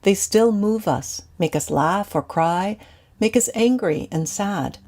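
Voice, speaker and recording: A woman teacher giving a scripted, measured lecture to students. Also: mid-range voice, expressive, darkish tone.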